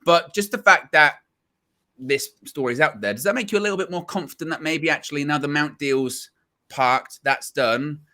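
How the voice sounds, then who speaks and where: A man co-hosting a casual chat, relaxed as he runs through news reports. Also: fairly high pitch, moderate pace. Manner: reads out reports, relaxed and conversational. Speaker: co-host of fan channel.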